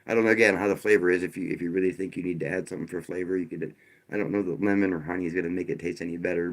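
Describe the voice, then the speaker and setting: A man hosting a live stream, talking loosely and casually, with frequent restarts and a wry, sarcastic edge. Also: deep voice. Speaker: livestream host.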